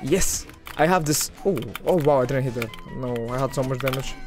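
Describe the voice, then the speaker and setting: A man giving excitable live commentary over his own gameplay, talking to his viewers and swinging from loud hype to low muttering. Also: moderate pace, music in the background. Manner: talks to viewers as "guys". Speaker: gaming video creator.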